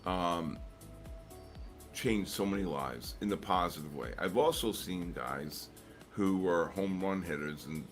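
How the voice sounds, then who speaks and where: A man's voice: sits low, measured pace, faint music behind. A middle-aged man trading live on a stream, chatting casually and rambling through stories with lots of fillers and restarts. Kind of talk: casual chat.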